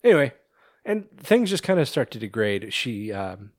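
A man's voice: mid-range voice, very animated, normal speed, no room sound, studio quality. A man co-hosting a podcast, casually retelling a movie's plot with lots of ums and restarts. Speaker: podcast co-host.

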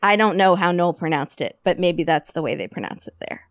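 A woman's voice: on the low side, animated, brisk, no echo, clean studio sound. A woman co-hosting a podcast, casually recapping a TV episode with jokes and laughter. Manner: chatty, jokey, laughs often. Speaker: podcast co-host.

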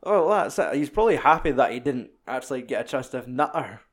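A man's voice: medium pitch, sing-song, fast. A man with a Scottish accent chatting casually and jokily about films, swearing freely and acting out lines. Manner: sweary, jokey, acts out film lines in other voices.

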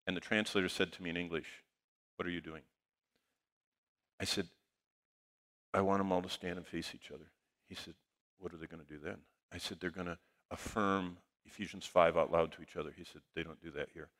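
Male pastor, lively storytelling sermon, bright voice, long hall reverb. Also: sits low. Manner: animated storyteller, swings between loud bursts and hushed asides. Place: church auditorium.

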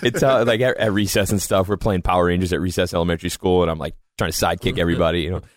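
A man's voice: low-pitched, steady tone, rapid-fire. A young man from north of Boston with a faded Boston accent, a podcast guest telling stories in casual chat and laughing often. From just north of Boston. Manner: laughs often, rambling storytelling.

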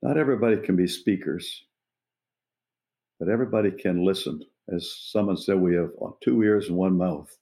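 A man in his eighties, an evangelist being interviewed, telling personal stories in an earnest, unhurried way and pausing to find his words. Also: low voice, warm tone. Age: 80s. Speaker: evangelist guest. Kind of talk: reflective personal storytelling.

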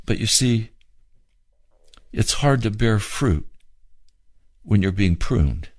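Slow, low-voiced pleading preacher. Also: male voice, no echo. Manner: fervent, pleading, with slow drawn-out emphasis. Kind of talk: sermon.

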